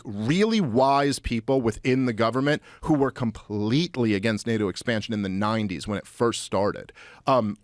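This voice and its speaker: A man talking as a podcast guest in casual political chat, animated and full of fillers and restarts. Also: mid-range voice, no room sound, clean studio sound.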